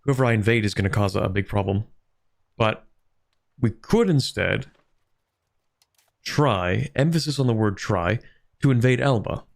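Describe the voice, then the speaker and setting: A man's voice: lowish voice, moderate pace, gravelly. A man streaming a strategy game, chatting casually, thinking aloud and answering viewers' questions. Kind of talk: casual gameplay commentary.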